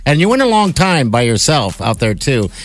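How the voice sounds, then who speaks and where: A man hosting a podcast, trading easygoing casual chat with quick replies. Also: medium pitch, big pitch swings, faint music behind. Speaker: podcast host.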